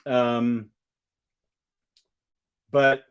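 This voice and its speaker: Slow-talking man chatting on a livestream. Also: on the high side, fairly bright tone, muffled recording. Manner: rambling, restarts often, answers chat questions. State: has the hiccups. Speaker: comic book collector streamer. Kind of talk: casual livestream chat. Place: apartment room among bookshelves.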